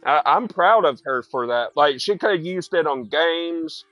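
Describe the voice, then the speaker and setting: A young man chatting while he plays a game. His voice sits a touch high, and he rambles through profane stories full of filler words. The sound is close and dry, with no room echo. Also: lively intonation, measured pace, fairly bright tone, highs cut off. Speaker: gaming streamer. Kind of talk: casual chat while gaming.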